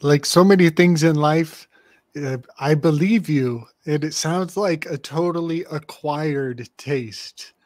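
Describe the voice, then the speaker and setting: A man on a live panel discussion who answers a guest in a measured, hesitant way. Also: on the high side, no echo, clean studio sound.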